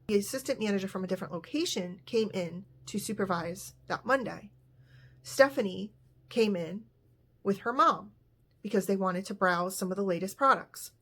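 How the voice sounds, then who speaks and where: A woman's voice: medium pitch, fairly bright tone, slightly rough. Woman casually telling a true story. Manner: retells dialogue with light voicing of characters.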